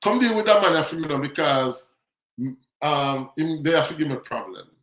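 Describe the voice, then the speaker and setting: A man voicing a curt Jamaican woman working a fast-food counter, who answers in a blunt, dismissive way. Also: on the high side, expressive, fairly bright tone, a little hiss or hum. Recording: roomy echo.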